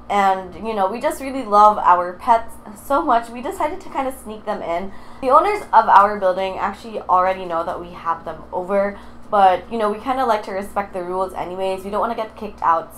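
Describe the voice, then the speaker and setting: A woman's voice: medium pitch, fairly bright tone. A young woman talking casually to camera in her apartment, chatty and bubbly, sometimes short of breath from holding a heavy dog. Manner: chatty and bubbly, baby talk to her dogs. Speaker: vlogger. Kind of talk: casual vlog talk to camera. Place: apartment room, indoors. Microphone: handheld mic, then set down away from her. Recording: echoey room with faint noise.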